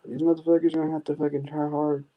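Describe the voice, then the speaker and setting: A man's voice: a little high, level tone, very fast, dull audio. A man on a stream call, talking brashly and boastfully. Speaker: stream guest. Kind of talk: casual stream chat.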